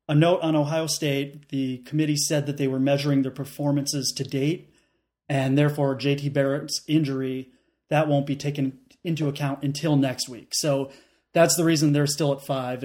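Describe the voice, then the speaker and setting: A man co-hosting a casual sports podcast, riffing with deadpan jokes. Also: medium pitch. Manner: jokey, deadpan riffs. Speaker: podcast co-host.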